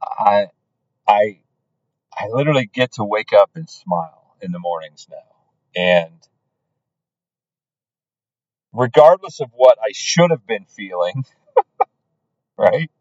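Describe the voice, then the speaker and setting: A man's voice: on the low side, expressive, darkish tone, dry recording, highs cut off. A man hosting a podcast, telling his own story in an earnest way, often stumbling and restarting his sentences. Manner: earnest, halting with many restarts. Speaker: podcast host.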